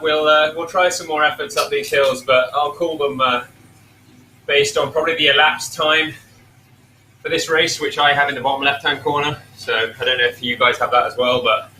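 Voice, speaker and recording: A man's voice: on the high side, pushed and bright, a little hiss or hum. A man leading a group ride, explaining plans in a matter-of-fact way with many fillers. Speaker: ride leader. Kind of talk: casual explanation. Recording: roomy, distant mic with faint ambience.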